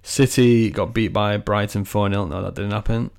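A man's voice: lowish voice, steady tone, normal speed, gravelly, a little mellow. A man co-hosting a football podcast, teasing his friend and running through the results. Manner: teasing, joking, reads results. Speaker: podcast co-host. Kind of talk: casual chat.

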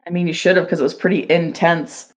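A woman's voice: on the low side, fairly even intonation, close to an everyday voice. A woman co-hosting a podcast in casual banter, giggling and hesitating with fillers. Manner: giggly, slow and drawn out, lots of fillers. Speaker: podcast co-host.

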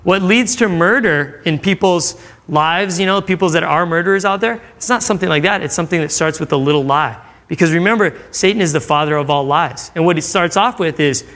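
A man's voice: a little high, fairly quick, fairly bright tone. A man preaching as a youth pastor, talking casually with his audience and acting out the quotes. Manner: conversational, acting out quotes, asks the crowd questions. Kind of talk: sermon to a live audience. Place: church room with audience.

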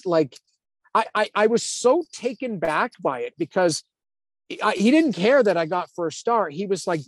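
A man's voice: high voice, unhurried, no echo. A man in his fifties, a former hockey goalie turned TV analyst, telling a story in a casual interview, acting out quotes with lots of "like". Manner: animated, acts out quotes, lots of "like".

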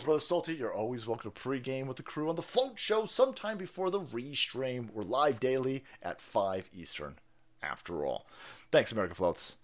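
Swinging from loud blow-ups to low muttering, this middle-aged man rants through foul-mouthed live-stream commentary, laughing frequently.

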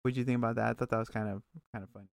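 A man with a gravelly, fry-laden voice talks through a recap in relaxed, casual chat. He is loose and profane, and he throws in quick asides. The sound is dry and close, with no room around it. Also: medium pitch, no echo. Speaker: podcast co-host recapping a TV episode.

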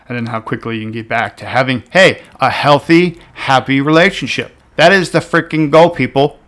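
A man talking casually and bluntly as he gives relationship advice, swearing now and then and punching key words loudly before dropping into softer asides. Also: medium pitch. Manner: blunt, animated, swears casually, swings between loud emphasis and soft asides.

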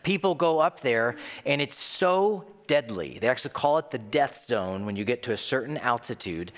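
A male pastor preaching with a lively, swinging delivery, telling stories and slipping into the voices of the people he quotes. His voice sits at a medium pitch. A long reverb trails off in a large hall. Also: normal speed. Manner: animated storytelling, acting out quoted voices. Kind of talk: sermon.

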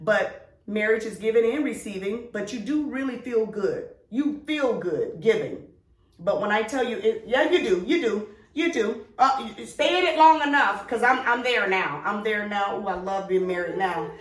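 A woman's voice: medium pitch, normal speed. A middle-aged woman, co-hosting a podcast in a casual chat, emphatic and preachy, drawing out her words. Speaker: podcast co-host. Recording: echoey room, distant mic.

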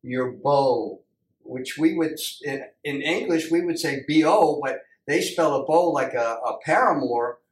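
A man's voice: fairly high pitch, unhurried. A man hosting a casual chat, easygoing and chuckling, often restarting his sentences. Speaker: host. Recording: echoey room, mic at a distance.

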